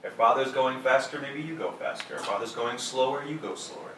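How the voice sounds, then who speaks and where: A man's voice: mid-range voice, a little fast, a bit bright, slight background noise. A man casually teaching church readers, tagging his points with "right?". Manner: conversational, often ends points with "right?". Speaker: workshop instructor for church readers. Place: church hall. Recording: echoey room, mic from a distance.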